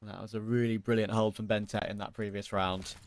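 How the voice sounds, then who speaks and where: A man doing live play-by-play esports commentary, calling the action quickly and excitedly. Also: lowish voice, dry recording. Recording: broadcast with clear background noise.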